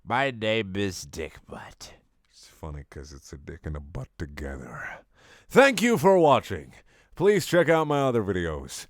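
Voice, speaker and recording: A man reading fan fiction aloud for laughs, jumping between put-on voices and sudden shouts. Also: on the low side, sing-song, a little slow, dry recording, studio quality. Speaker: comedic reader of fan fiction. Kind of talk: mock dramatic reading.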